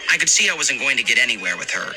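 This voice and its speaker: A man narrating a scary story in a lively, expressive reading. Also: mid-range voice, rapid-fire, crowd noise, low-quality recording. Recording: narration over loud background music.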